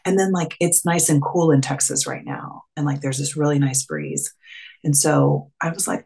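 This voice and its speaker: A woman's voice: low-pitched, expressive, moderate pace, gravelly, mellow, breathy edge. A woman coach talking casually as a webinar guest, full of fillers and acted-out quotes. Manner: chatty, filler-heavy, acts out quoted dialogue. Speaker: clarity and confidence coach.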